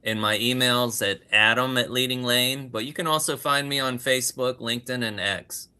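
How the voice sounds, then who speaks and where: Very bright, smooth-voiced man. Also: mid-range voice, normal speed. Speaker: administrator guest. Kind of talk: casual panel talk.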